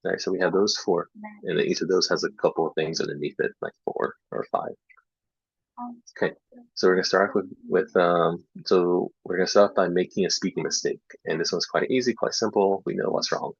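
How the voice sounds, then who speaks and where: A man giving a casual online lesson on speaking feedback, talking in a relaxed way with lots of fillers and repeating student errors to demonstrate them. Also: sits low, a little fast, vocal fry, breathy edge, dry recording. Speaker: English teacher trainer. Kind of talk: casual online teaching talk. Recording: dull lo-fi dry online recording.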